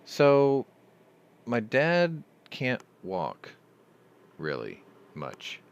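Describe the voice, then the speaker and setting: A man's voice: mid-range voice, huge pitch swings, extremely slow, vocal fry, smooth, dull audio. A middle-aged man hosting a casual live chat, rambling through stories and swearing freely. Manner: profane, rambling storyteller. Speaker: host.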